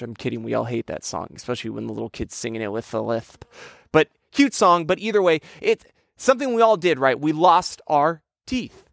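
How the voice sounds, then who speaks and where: A man preaching a sermon, telling a childhood story in a lively, conversational way. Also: mid-range voice, creaky, no echo, clean studio sound. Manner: storytelling, animated with childhood anecdotes. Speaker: pastor.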